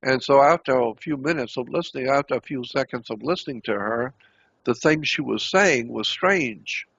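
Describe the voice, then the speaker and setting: A man's voice: medium pitch, normal speed, gravelly, fairly bright tone, husky. An older man telling a story at length, repeating himself as he recounts what was said to him. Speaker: interview guest. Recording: dull lo-fi recording.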